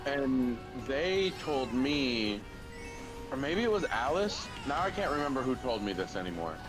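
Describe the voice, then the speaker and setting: Rambling man over loud game music. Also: medium pitch, sing-song, unhurried, rough recording. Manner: rambling storyteller, swears casually. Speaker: streamer. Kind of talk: casual chat during a game stream.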